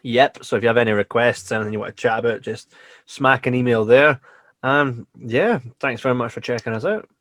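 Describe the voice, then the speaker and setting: A man's voice: mid-range voice, fairly quick, fairly bright tone, dry recording. A man with a Scottish accent co-hosting a podcast, talking animatedly with lots of laughs and casual swearing. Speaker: podcast co-host. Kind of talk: casual chat.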